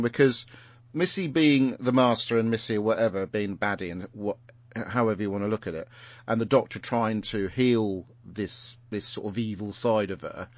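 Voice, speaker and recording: A lower-voiced man chats loosely through a story, stopping and restarting with plenty of ums. His voice comes through a dull, muffled lo-fi recording. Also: no room sound. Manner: rambling, many fillers and restarts. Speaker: podcast host. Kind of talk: casual chat recapping an episode.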